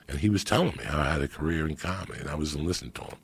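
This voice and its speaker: A middle-aged man, telling profane street stories on a podcast, swinging between loud bursts and hushed asides. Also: rumbling low, lively intonation, racing, vocal fry, slightly rough. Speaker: comedian guest. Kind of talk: storytelling podcast chat.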